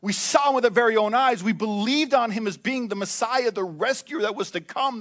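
Male pastor, high voice, preaching with big swings from emphatic to hushed. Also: fairly quick, few pauses. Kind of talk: sermon.

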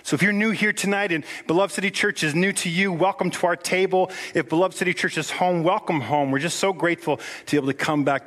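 A middle-aged male pastor preaches with eager, rising enthusiasm in a church hall. His voice sits a touch high for a man and still sounds worn from a recent cough. He speaks like someone who can't hold back his excitement. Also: quick pace, few pauses. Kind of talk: sermon. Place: church auditorium.

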